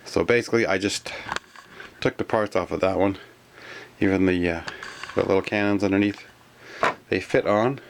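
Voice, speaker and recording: A man from Canada chatting casually in a toy collector vlog, rambling and grumbling, sometimes whispering names in a drawn-out way. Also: low-pitched, fairly even intonation, gravelly, slight background noise. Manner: rambling and complaining, with stretched-out whispered echoes of names. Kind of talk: casual toy review chat.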